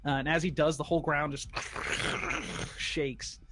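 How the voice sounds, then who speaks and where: A man's voice: a little high, steady tone, slow, background noise. A man narrating as game master, laid-back and often chuckling.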